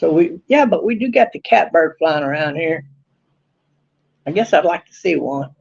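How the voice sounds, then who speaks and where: A man with a gravelly, fairly high voice chats in a rambling, folksy way, full of drawn-out fillers. He records outdoors behind a house. The sound is dull and lo-fi. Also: expressive. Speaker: vlogger. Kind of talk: casual outdoor vlog.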